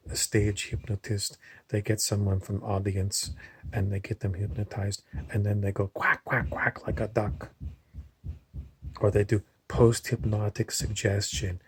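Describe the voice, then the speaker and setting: Husky, rambling man talking casually. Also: lowish voice, a little mellow, no echo. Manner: digressive, loose, with many fillers and restarts.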